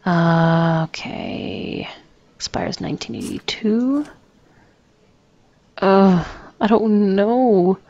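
A woman's voice: medium pitch, very slow, long pauses, darkish tone, muffled recording. A woman giving flustered, self-mocking let's play commentary and talking back to the game characters. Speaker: gamer. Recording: noisy home recording.

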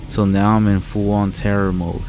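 A man's voice: fairly low pitch, flat delivery, normal speed, slight background noise, poor audio. A man narrating a true horror story in the first person, blunt and full of swearing. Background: soft music and rain sounds.

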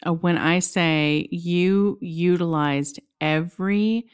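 Smooth-voiced, enthusiastic woman co-host. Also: lowish voice, slow pace. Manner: enthusiastic, supportive, laughs often. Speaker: podcast co-host. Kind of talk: casual podcast chat.

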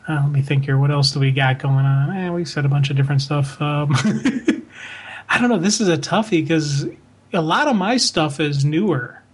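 A man's voice: fairly high pitch, slightly rough. A man co-hosting a comics fan podcast, talking in a rambling, heartfelt way with many fillers and restarts. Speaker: podcast co-host. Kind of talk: casual chat.

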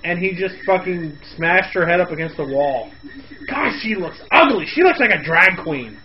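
A man with a high, wildly swooping voice tears into a reality show, crude and mocking, breaking into sudden shouts. The sound is dull and lo-fi. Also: expressive, normal speed. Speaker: comedy commentator. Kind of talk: sarcastic riffing over a reality show.

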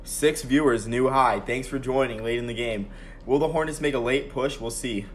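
Young man, game streamer, live play-by-play, excitable, average pitch, faint background noise. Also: normal speed. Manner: excitable, swings between calm play-calling and loud outbursts. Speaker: streamer playing a football video game. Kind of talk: live gameplay commentary.

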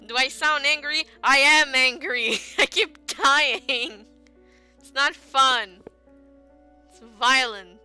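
A woman's voice: a little high, pushed and bright. A woman playing a horror game and commenting casually, muttering to herself and reacting with exasperation. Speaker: let's play gamer.

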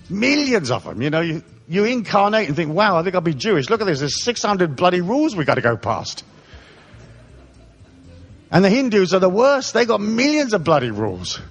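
A middle-aged man from England, raised in Africa, rants at a live talk with a lively, swooping voice that sits a little high. He swears freely, mocks as he goes and slips into comic voices. He speaks as a spiritual lecturer. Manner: profane, mocking, comic rant with put-on voices.

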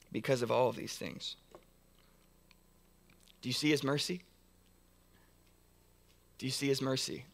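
A man's voice: mid-range voice, a bit bright. A man pastor preaching a sermon in a church, earnest, building through long repeated phrases with frequent restarts. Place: church sanctuary.

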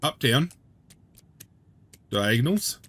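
A man's voice: medium pitch, sing-song, extremely slow, fairly bright tone, slightly rough. A man giving casual gameplay commentary, chatty and joking, who swears freely as he plays.

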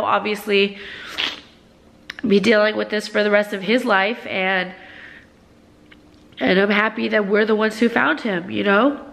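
A young woman vlogs casually, rambling emotionally with lots of fillers and restarts as she gushes and gasps with excitement. Her medium-pitched voice has a creaky quality.

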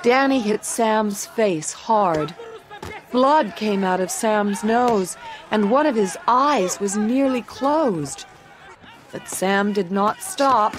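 A woman narrating a storybook for English learners. Her delivery is slow and carefully clear, with a medium pitch and an even reading pace throughout.

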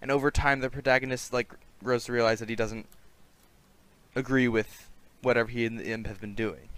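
A man's voice: medium pitch, fairly even intonation, brisk, a bit bright, smooth. A man co-hosting a podcast who talks in a thoughtful, laid-back way during a casual brainstorm. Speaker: podcast co-host.

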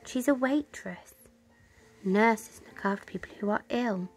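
A woman's voice: medium pitch, measured pace, a little mellow, faint music behind. A woman voicing a sensible young girl who corrects others in a storybook reading. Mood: matter-of-fact.

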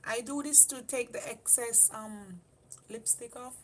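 A woman's voice: a little high, measured pace, fairly bright tone, a little hiss or hum. A young woman from Jamaica with a Jamaican accent, chatting casually on a makeup livestream and answering viewer comments. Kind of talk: casual live-stream chat.

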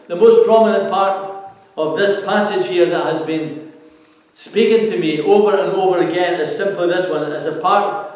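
A man, a senior minister, preaching an earnest, measured sermon that asks rhetorical questions. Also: sits high, darkish tone. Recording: echoey hall, voice from far off.

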